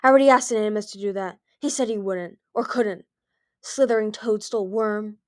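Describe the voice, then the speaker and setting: A woman's voice: medium pitch, fairly quick, no echo, studio quality, close to an everyday voice. A woman reading the part of a scarred, furious young male dragon who snarls and growls his insults, in an amateur storybook reading. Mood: angry. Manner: angry, growling, snaps insults.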